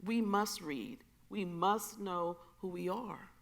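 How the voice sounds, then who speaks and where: A woman poet speaking on a festival panel, earnest, emphatic and expressive. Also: mid-range voice, takes it slowly, vocal fry. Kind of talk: panel conversation. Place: festival stage.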